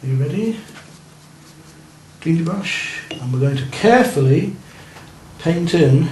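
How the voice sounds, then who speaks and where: Unhurried and lively in intonation, his voice a little high with a darkish tone, a man coaches beginners through a painting lesson. He works as he encourages the class and checks their efforts, in a roomy room with faint noise.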